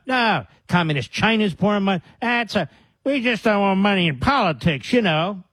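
A man's voice: on the high side, breathy edge, no room sound. A man hosting a talk radio show, sarcastic and combative, stopping clips to mock them.

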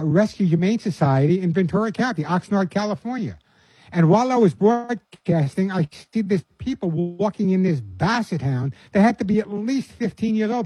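Earnest older radio pet-advice host, dry mic. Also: male voice, sits high, warm tone, slightly rough, no echo. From New York. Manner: earnest, folksy, repeats words when starting phrases.

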